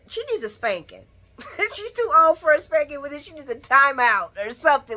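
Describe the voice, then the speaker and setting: A woman with a higher, bright voice recaps a daytime soap in a loose, chatty way. Her pitch leaps around animatedly as she scolds and teases the characters, laughing often between points. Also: very animated, moderate pace. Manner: sassy, talks back to the characters, laughs often. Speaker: soap opera recap vlogger. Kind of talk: casual recap commentary.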